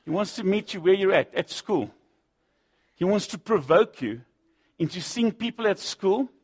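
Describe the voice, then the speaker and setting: A man preaching a sermon, swinging between loud punchy lines and low asides, acting out the voices he quotes. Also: animated, moderate pace, slightly rough. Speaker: pastor.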